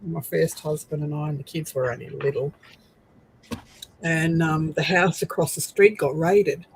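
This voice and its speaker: A woman's voice: sits low, fairly even intonation, a little slow, a little hiss or hum, poor audio. A woman chatting casually, passing on practical crafting tips. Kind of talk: casual chat.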